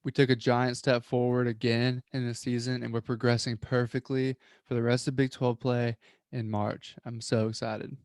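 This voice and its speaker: A man co-hosting a casual sports podcast, speaking calmly in short, measured remarks. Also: medium pitch, no echo, clean studio sound. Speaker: podcast co-host.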